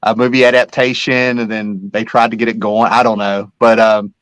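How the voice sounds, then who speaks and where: A man's voice: fairly low pitch, flat delivery, moderate pace, fairly bright tone, clear, resonant tone, no echo, low-quality recording. A middle-aged man hosting a casual chat, rambling and nostalgic, often trailing off mid-sentence. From Kentucky-Virginia area. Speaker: host.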